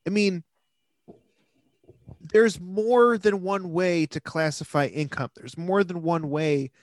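An opinionated man co-hosts a podcast and argues his views firmly in casual chat. His voice sits a little high for a man. It is recorded close and dry, with no room sound. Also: takes it slowly, no echo. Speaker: podcast co-host.

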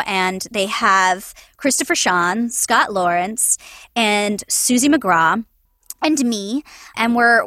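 A woman's voice: fairly high pitch, dry recording. A young woman, a voice actress, chatting in an interview, telling stories animatedly with frequent laughter and acted-out voices. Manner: animated storyteller, laughs often, acts out quoted voices. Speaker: voice actress guest. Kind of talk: casual interview chat.

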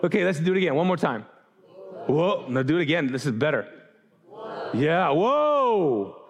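A man's voice: on the high side, fast talker. A man preaching a sermon as pastor to a live congregation, casual and joking, drawing the audience in to answer him. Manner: casual, joking, talks back and forth with the congregation. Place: church auditorium before a congregation.

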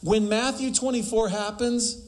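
A man's voice: high voice, steady tone, measured pace. A man preaching a sermon emphatically, asking rhetorical questions and quoting scripture.

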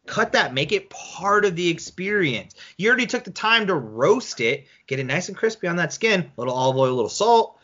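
A young man in a loose podcast debate who argues with incredulous, swearing energy. His voice is high and bright, and his pitch jumps around a lot. The recording is slightly dull and lo-fi. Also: sing-song, fairly quick, hardly any pauses. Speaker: co-host.

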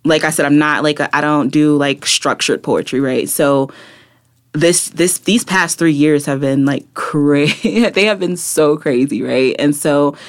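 A woman's voice: low voice, a little slow. A woman guest, a poet and activist, talking reflectively in an interview, often tagging her thoughts with "right?" and "like". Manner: reflective, many fillers like "like" and "right?". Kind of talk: conversational interview.

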